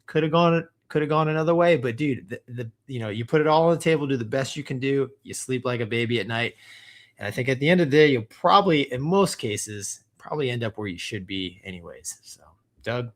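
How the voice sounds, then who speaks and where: A man's voice: medium pitch, lively intonation, a little fast. A man co-hosting a casual live talk show, laid-back and jokey, often laughing. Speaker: co-host.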